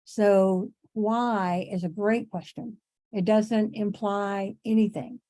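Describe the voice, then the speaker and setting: A middle-aged woman teaching an online class in a conversational way, repeating herself for emphasis and clearing her throat as she loses her voice. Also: medium pitch, fairly even intonation, slow, warm tone. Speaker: instructor.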